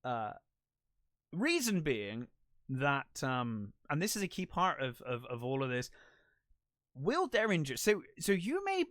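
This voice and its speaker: A man talks through a movie plot alone on his podcast in an easy, meandering way. He swears often and mocks himself now and then. His voice sits at an ordinary male pitch, and the recording is dry and close. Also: wildly swooping pitch, measured pace, a bit bright, no room sound. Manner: rambling, profane and self-deprecating. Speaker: podcast host. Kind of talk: casual solo movie review. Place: lives in the United Kingdom.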